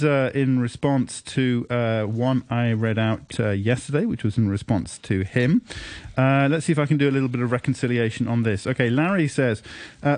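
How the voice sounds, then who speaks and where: A male radio talk-show host who reads out listener messages and introduces his guests, speaking in halting phrases with many "uh" fillers. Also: mid-range voice, darkish tone, no room sound. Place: radio studio. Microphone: studio microphone.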